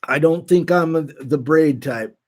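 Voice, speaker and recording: Halting, easygoing man hosting a livestream. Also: fairly high pitch, a little mellow. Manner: halting, many restarts, greets commenters. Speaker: livestream host reading chat. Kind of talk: casual live chat.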